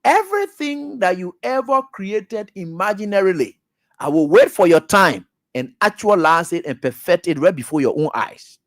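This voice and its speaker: High-pitched preaching Liberian man. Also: sing-song, moderate pace. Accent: Liberian English. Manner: emphatic, repetitive, preacher-like, swings between loud shouts and low mutters. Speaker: radio talk show host. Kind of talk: preaching commentary.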